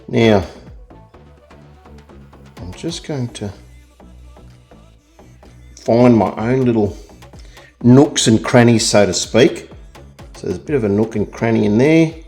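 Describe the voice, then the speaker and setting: A middle-aged Australian man giving a relaxed, rambling painting lesson, talking as he works and joking at his own expense. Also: mid-range voice, takes it slowly, pauses often, faint music behind. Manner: rambling, self-deprecating, chatty. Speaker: art tutor. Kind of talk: real-time painting tutorial.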